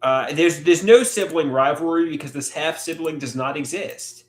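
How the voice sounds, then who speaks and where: A man hosting a live solo stream, talking in a halting, reflective way with many filler words. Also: on the high side. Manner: halting, reflective, frequent "you know" fillers. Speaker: livestream host. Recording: echoey room.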